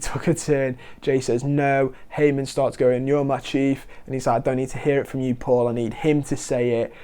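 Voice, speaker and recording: Male host, mellow timbre, casual chatty review delivery. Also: medium pitch, clean tone. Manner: animated, quoting wrestlers in quick asides. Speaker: wrestling podcast host.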